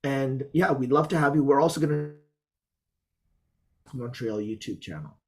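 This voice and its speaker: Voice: mid-range voice, moderate pace, a little mellow. Chatty, upbeat teacher presenting. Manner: chatty, upbeat and enthusiastic, with asides. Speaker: college teacher presenting a student project. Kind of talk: online presentation talk. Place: Montreal.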